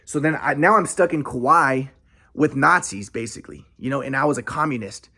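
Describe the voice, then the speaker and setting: A man's voice: mid-range voice, lively intonation, brisk, bright, forceful tone, slightly rough. A young man telling a rambling personal story in a casual monologue, with many restarts and quoted asides.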